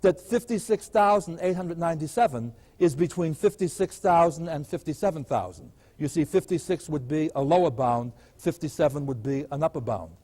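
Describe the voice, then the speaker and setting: Older man lecturing on math, slightly high. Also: expressive, moderate pace, hardly any pauses, mellow. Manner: patient, asks the class rhetorical questions. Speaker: math professor.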